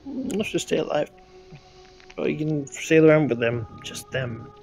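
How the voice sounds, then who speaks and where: A man's voice: fairly high pitch, expressive, normal speed, darkish tone, soft background music. Guy cracking dry jokes while playing a strategy game with a friend. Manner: dry joking asides. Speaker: let's play co-host. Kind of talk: casual gaming chat.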